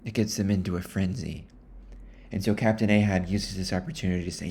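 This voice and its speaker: A man retelling a classic novel in a casual, rambling comic way, with offhand deadpan asides. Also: sits low, a little fast. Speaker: storyteller.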